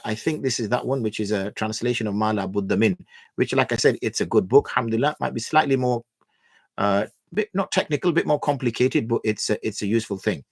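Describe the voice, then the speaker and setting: A man's voice: medium pitch, no echo, studio quality. A man hosting a religious question-and-answer livestream, talking loosely and thinking aloud with many fillers. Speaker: mufti hosting Q&A. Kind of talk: casual livestream talk.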